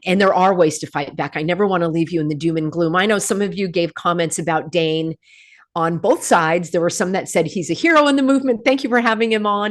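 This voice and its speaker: Snarky woman hosting a livestream. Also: on the low side. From United States. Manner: snarky, animated, with laughs. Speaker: host. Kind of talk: livestream monologue.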